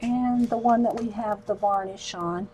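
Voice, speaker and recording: A woman's voice: mid-range voice, normal speed, warm tone, a little hiss or hum, low-quality recording. A woman hosting a casual craft video, chatting directly to her viewers. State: out of breath. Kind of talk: casual live-stream chat.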